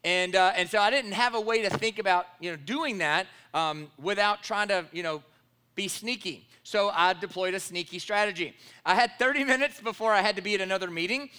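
A man's voice: high-pitched, fairly quick, bright, forceful tone, clear, resonant tone. A man, a pastor preaching a sermon and telling a personal story, acting out the dialogue with animation.

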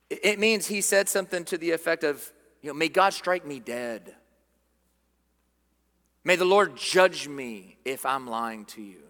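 Southern preacher in a reverberant hall. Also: male voice, mid-range voice. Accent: Southern American. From American South. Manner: earnest preaching, dropping to hushed tones for emphasis. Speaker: pastor. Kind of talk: sermon. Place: church sanctuary.

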